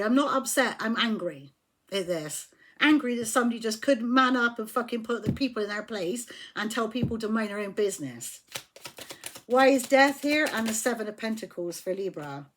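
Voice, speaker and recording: A woman's voice: on the high side, animated, a little fast, fairly bright tone. Blunt, emphatic woman reading tarot. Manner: blunt, emphatic, swears when riled. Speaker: tarot reader.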